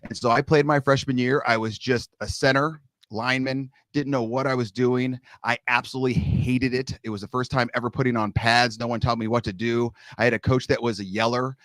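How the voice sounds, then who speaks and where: Fast-talking middle-aged man telling stories. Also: mid-range voice, dry recording. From Southern California. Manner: animated storyteller, acts out quoted coaches. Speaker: guest, long snapping coach. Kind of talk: casual storytelling.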